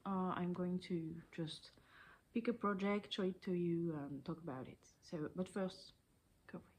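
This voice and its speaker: A woman's voice: lowish voice, a little slow, a little mellow, husky. A woman in her thirties with a French accent, chatting hesitantly in her living room about her knitting for a video podcast. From France. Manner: hesitant, many ums, a little shy on camera. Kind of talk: casual video podcast chat.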